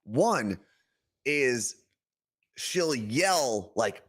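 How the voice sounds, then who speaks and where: A man's voice: medium pitch, normal speed. A middle-aged man from New Jersey with a New Jersey accent, co-hosting a casual podcast chat and acting out quotes as he tells stories. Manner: animated storytelling, acts out quotes. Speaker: podcast co-host.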